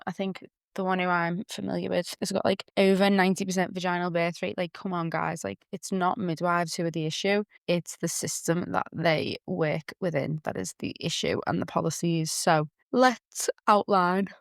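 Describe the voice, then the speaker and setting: Young Liverpool woman, podcast host, chatty and frank, crisp tone. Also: lowish voice, normal speed, few pauses, no room sound, clean studio sound. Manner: chatty, candid, quotes people in lively voices. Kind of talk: casual chat.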